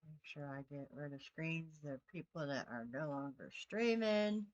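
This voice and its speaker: A woman's voice: deep voice, unhurried, lo-fi sound. A woman streaming a game, chatting casually and baby-talking to her cat. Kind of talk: casual live-stream chat.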